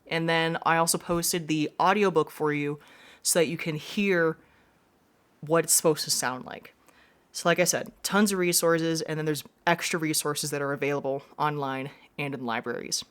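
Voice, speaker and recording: A woman's voice: sits low, steady tone, moderate pace, smooth. Upbeat woman teacher explaining step by step. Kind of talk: classroom lesson.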